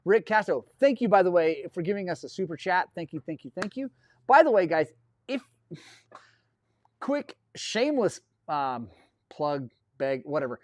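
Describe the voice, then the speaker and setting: Guy rambling on a live stream, keeps thanking chat, kinda high voice, dry close mic. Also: sing-song, normal speed, darkish tone, dry recording. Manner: rambling, effusive, thanks viewers often. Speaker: host of a dirt bike live stream.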